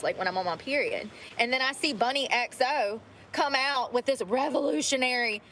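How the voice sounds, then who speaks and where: Woman vlogger, car chat, brash and chatty, a bit high-pitched. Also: normal speed, fairly bright tone. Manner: blunt, chatty, swears freely. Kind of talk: casual chat while driving.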